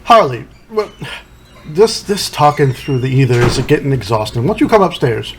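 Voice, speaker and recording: A man's voice: medium pitch, big pitch swings, normal speed, noisy background. A man voicing a sinister older mother who speaks in a drawling, coaxing way. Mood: sweetly sinister. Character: sweet-talking sinister older mother, a witch.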